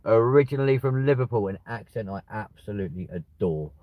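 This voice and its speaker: A man, hosting a livestream and chatting casually with viewers, rambling and swearing with sudden bursts of excitement. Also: lowish voice, a little fast, muffled recording, slight background noise. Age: 20s. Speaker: livestream host. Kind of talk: casual live chat reading viewer comments.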